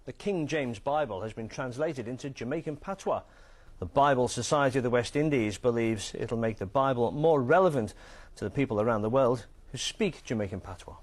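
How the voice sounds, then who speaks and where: A man reading a scripted news report with measured broadcast delivery. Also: mid-range voice.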